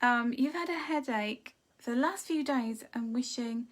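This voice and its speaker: A woman's voice: a little high, unhurried. A woman hosting a live card-reading stream from home, chatting casually and greeting viewers with endearments like darling. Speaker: card reader hosting a livestream. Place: home room.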